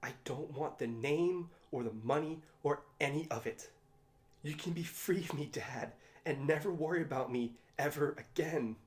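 A man reading aloud and voicing a young woman who speaks up forcefully, her voice raised and cracking. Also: fairly high pitch, moderate pace, voice pushed up, natural voice. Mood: defiant. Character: young trans woman, defiant, pleading.

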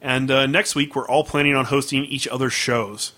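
A man hosting a podcast, in a relaxed, upbeat way with plenty of filler words. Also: mid-range voice, normal speed. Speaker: podcast host. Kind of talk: casual podcast chat.

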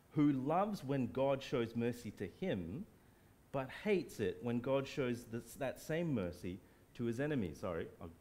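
A man preaching a sermon, emphatic and animated, with playful asides. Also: mid-range voice.

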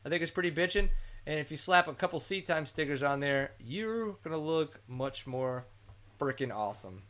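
A man's voice: a little high, animated, moderate pace, a bit bright. A man hosting a casual podcast, brash and joking with crude humor. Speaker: podcast host. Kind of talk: casual chat.

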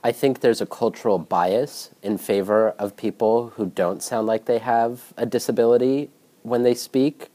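A speaker giving a measured, carefully phrased comment in an interview. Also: mid-range voice, fairly even intonation, warm tone.

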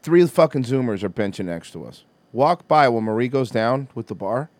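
Podcast host, man, crude and animated ranter, lively pitch, dry close mic. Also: moderate pace, no echo. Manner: profane, ranting, animated storytelling. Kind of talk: casual chat.

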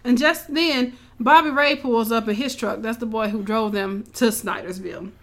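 A woman recapping a show in casual, animated storytelling, swearing freely and acting out the characters' lines. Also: fairly high pitch, normal speed. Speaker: podcast co-host recapping a show.

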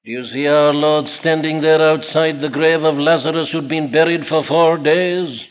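A man's voice: fairly high pitch, steady tone, normal speed. A man preaching an impassioned sermon from a church pulpit, with rising and falling emphasis. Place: large church. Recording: dull archival sermon recording.

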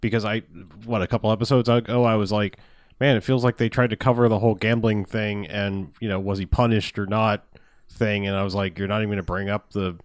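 A man's voice: on the low side, little pitch movement, brisk, no room sound, studio quality. A man in casual podcast chat, laid-back and swearing now and then.

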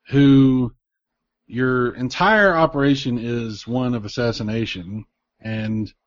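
A man chatting casually on a group podcast, rambling and animated, cursing freely and jumping up in pitch when he gets worked up. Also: no room sound. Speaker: podcast panelist. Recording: dull lo-fi sound, dry.

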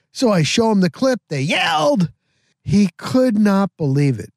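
Guy hosting a podcast, chatty and rambly, kinda high voice, dead dry room. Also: unhurried, creaky, no room sound. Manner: rambling, animated, repeats himself. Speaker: podcast host. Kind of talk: casual storytelling.

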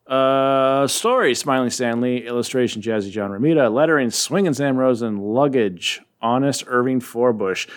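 Man, casual recap host, rambling and playful, mid-pitched voice. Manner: rambling, playful retelling with quick voiced asides. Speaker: podcast host recapping comics. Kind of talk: casual chat.

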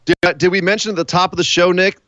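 A man co-hosting a casual wrestling podcast, excitable and quick to laugh as he recaps the show. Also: high voice, no echo. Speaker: podcast co-host. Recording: dry, slightly dull lo-fi sound.

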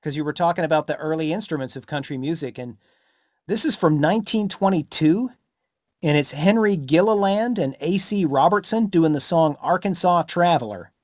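A man co-hosting a casual chat who explains history and introduces songs in an informative way. His voice is a little high. The recording is dry and close. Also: normal speed, a little mellow, no room sound. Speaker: co-host.

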